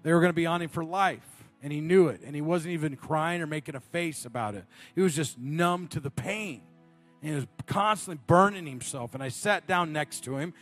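Man, preacher, sermon, storytelling, passionate appeals, slightly high voice. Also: fairly quick, a bit bright, soft background music.

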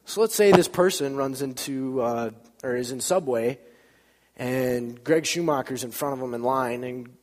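Guy giving a laid-back church talk, chatty, acts out little conversations, big echoey hall, mid-pitched voice. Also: normal speed. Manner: casual and chatty, acts out dialogue, laughs at own stories. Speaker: church speaker. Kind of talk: informal sermon with storytelling.

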